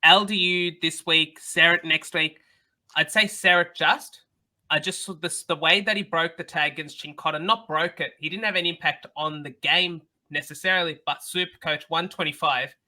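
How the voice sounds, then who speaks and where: Bright, sharp co-host. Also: male voice, fairly high pitch, fairly even intonation. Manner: thinks aloud, measured opinions. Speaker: podcast co-host and analyst. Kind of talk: casual podcast chat.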